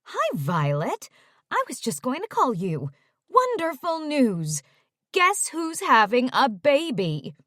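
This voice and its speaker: A woman's voice: on the low side, lively intonation, a little slow, no room sound, clean studio sound. Woman putting on a gushing, chatty older mother. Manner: effusive, talks over others.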